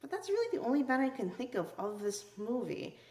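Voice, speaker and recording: A woman's voice: fairly high pitch, very animated, a little fast, a little mellow. A woman hosting a casual video movie review, talking in a chatty way with lots of "you know" and "like.". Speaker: movie reviewer, channel host. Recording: echoey room.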